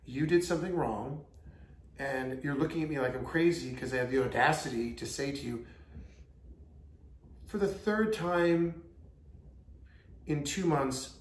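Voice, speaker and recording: A man's voice: medium pitch, reverberant. Emphatic Long Island man ranting. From Long Island, New York. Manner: emphatic, rapid rants with mimicked quotes. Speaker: guest. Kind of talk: casual chat.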